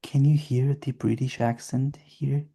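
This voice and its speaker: A woman's voice: rumbling low, steady tone, unhurried, vocal fry, warm tone, breathy edge. A woman with an Armenian accent, a teacher co-hosting a casual podcast chat, teasing and playful, with many fillers. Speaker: podcast co-host, English teacher.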